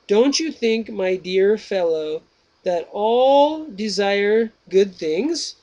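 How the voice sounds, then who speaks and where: A man voicing the philosopher Socrates, reading his questions slowly and deliberately. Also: sits high, lively intonation, warm tone, muffled recording, voice pushed up, full character voice. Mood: probing. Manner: slow, measured, drawn-out reading. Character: Socrates, old male Greek philosopher, patient questioner.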